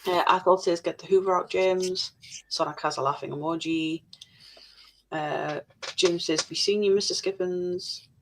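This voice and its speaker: A woman's voice: lowish voice, steady tone, measured pace, poor audio. A woman co-hosting a live stream in casual chat, reading viewer comments aloud with dry, jokey swearing.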